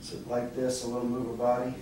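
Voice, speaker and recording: A man's voice: mid-range voice, recorded from a distance, noisy background. Man teaching dance in a very echoey room. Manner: relaxed, halting, with many fillers and restarts. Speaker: dance instructor. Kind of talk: demonstrating dance moves while explaining.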